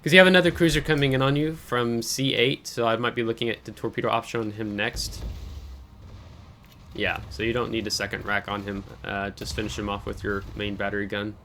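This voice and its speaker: A man's voice: lowish voice, steady tone, fairly quick, bright, forceful tone, a little hiss or hum. A man hosting a channel, giving casual coaching commentary on a viewer's game match, analytical and hesitant with frequent ums, and coughing now and then. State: keeps coughing.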